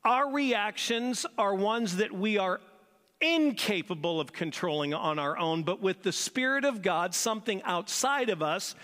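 A male pastor preaching a sermon, animated and emphatic, repeating phrases for stress. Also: high voice. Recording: long reverb of a large hall.

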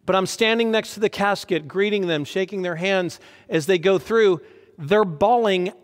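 A man preaching a sermon as a pastor, earnest and emotional, with lively emphasis. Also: sits high, normal speed. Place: church hall. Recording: long hall reverb.

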